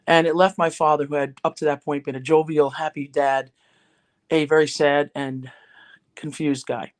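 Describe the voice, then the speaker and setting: Middle-aged woman guest, lively anecdotal storyteller, chatty with frequent restarts. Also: low-pitched, moderate pace. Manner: animated, conversational storyteller with restarts. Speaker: guest, ghostwriter and speaker. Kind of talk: told anecdote and podcast chat.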